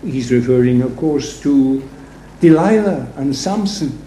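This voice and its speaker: A man's voice: medium pitch, lively intonation, measured pace, warm tone. A man preaching a sermon in a conversational, storytelling way, full of rhetorical asides. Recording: roomy echo, faint background noise.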